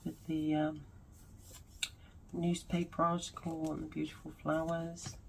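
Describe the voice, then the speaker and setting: Brief: woman vlogger, low and unhurried voice, gushing over crafts at home. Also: completely flat delivery, gravelly, slight background noise, rough recording. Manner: gushing, musing aloud. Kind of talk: casual crafting commentary.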